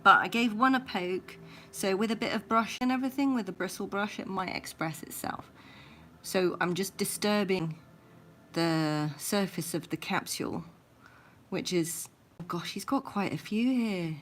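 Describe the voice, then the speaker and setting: With a little hiss or hum on the audio, a woman talks at normal speed in a mid-range voice as she livestreams grooming her pet rabbit at home. She uses soft, cooing baby talk, occasionally dropping to a whisper.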